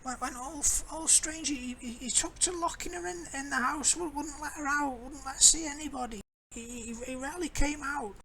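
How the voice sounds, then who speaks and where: A woman's voice: high voice, normal speed, bright, forceful tone, slight background noise, voice pushed up, low-quality recording. A woman voicing a bent, fearful old village woman who stammers and repeats her words. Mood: gossiping.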